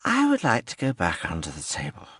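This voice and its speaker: A man's voice: low voice, wildly swooping pitch, a little fast, fairly bright tone, husky, dry recording, studio quality, exaggerated voice. A male narrator voicing a drunk, slurring, grey-haired older soldier with pompous, befuddled dignity in an audiobook. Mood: drunken bluster. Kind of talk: audiobook character voice.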